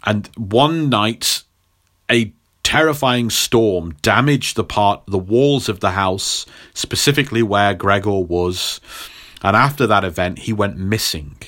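A man's voice: fairly low pitch, unhurried, fairly bright tone. A man recapping a story in a rambling, playful way for a podcast. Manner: rambling, playful, many ums. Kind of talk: comic plot recap.

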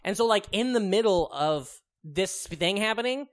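A man in his thirties co-hosts a podcast, speaking at a moderate pace in a high-pitched, animated voice. His casual talk is rambling and profane, thick with fillers and punctuated by frequent laughter.

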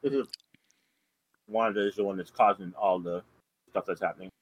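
A man's voice: on the low side, normal speed, muffled recording. A man in casual chat, rambling through a recap with plenty of fillers and self-corrections. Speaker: podcast co-host.

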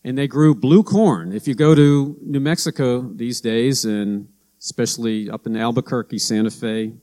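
A man's voice: medium pitch, moderate pace, mellow. A middle-aged man delivers a sermon as a pastor. He talks casually and tells stories, slipping into the voices of the people he quotes. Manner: conversational storytelling, with anecdotes and acted-out quotes.

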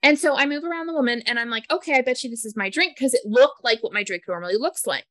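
A woman co-hosting a casual chat, retelling a story in a chatty way with laughter and halting restarts. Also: on the high side, fairly bright tone, dry recording. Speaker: podcast co-host.

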